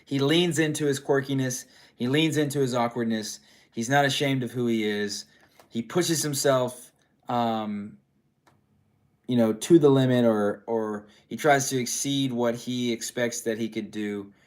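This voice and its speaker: Tired dad rambling on a livestream. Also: male voice, medium pitch, a little slow. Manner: rambling, repeats his phrases. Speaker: streamer reading viewer chat. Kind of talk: casual livestream chat.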